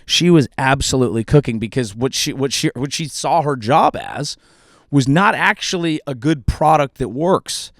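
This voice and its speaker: A man hosting a comedy podcast who delivers a profane, comedic rant and now and then jumps up into shrill yelling. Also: animated, unhurried, no echo, clean studio sound.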